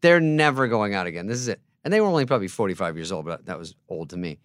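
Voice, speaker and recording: A man in his fifties, a comedian guest, telling a story in a sarcastic, deadpan way and acting out other people's lines. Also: on the low side, racing, no room sound, clean studio sound. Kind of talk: casual storytelling chat.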